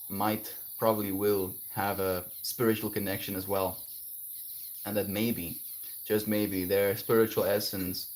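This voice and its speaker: A man livestreaming, chatting gently and affectionately with viewers about kindness and spirituality. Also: a little hiss or hum. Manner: gentle, spiritual, affectionate, breaks into high laughing bits. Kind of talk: casual chat reading viewer comments.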